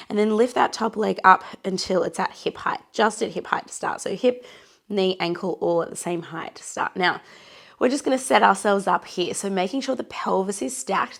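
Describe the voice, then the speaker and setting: A hoarse, run-down young woman leading a pilates workout with a raspy voice, encouraging and counting reps as she cues each breath. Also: medium pitch. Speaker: pilates instructor. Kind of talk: guided workout instruction.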